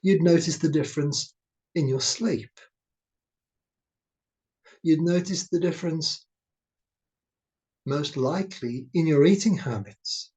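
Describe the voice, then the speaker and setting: A man guiding a meditation, speaking in a slow, gentle, soothing way. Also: a little high. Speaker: meditation teacher. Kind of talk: guided meditation talk.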